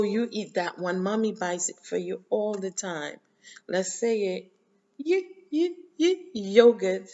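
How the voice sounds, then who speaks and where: Woman, Haitian accent, teacher, children's phonics lesson, sing-song call-and-response, slow pace, muffled lo-fi sound. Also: mid-range voice, dark tone.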